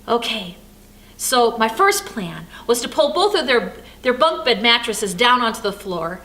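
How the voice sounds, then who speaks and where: An older woman pastor telling a personal story as a devotional sermon, animated and then soft and reflective. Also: a little high, moderate pace.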